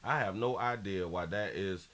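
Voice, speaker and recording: A man's voice: sits low, moderate pace, fairly bright tone. A man hosting a live stream, chatting casually in slang, repeating phrases and reading out viewer donations. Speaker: livestream host.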